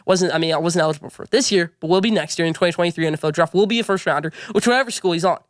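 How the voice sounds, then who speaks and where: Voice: medium pitch, very fast, no echo, clean studio sound. A sports vlogger giving opinionated commentary, rambling and repeating points as he goes.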